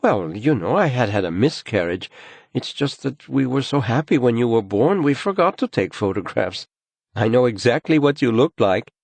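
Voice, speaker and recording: A man's voice: medium pitch, very animated, moderate pace, gravelly, no room sound, pitched above the performer's own voice. A man voicing an anxious, angry wife. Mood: subdued. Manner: sharp and anxious, rising into anger. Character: tense, frightened woman, adult wife and mother.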